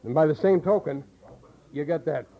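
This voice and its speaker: A man's voice: fairly high pitch, normal speed. A man teaching a voice acting seminar, explaining and demonstrating vocal sounds to a group. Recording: tinny, muffled old seminar tape.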